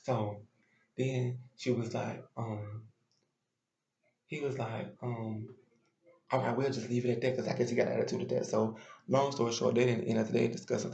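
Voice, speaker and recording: A man's voice: mid-range voice, vocal fry, a little mellow, reverberant, lo-fi sound. A man giving a chatty, opinionated and sassy recap of a reality show in casual commentary.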